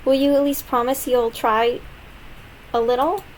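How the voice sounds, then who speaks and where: A woman voicing a bubbly, carefree teenage schoolgirl while reading game dialogue aloud, with a high, drawn-out, sing-song delivery. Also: steady tone, a little hiss or hum, rough recording. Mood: earnest.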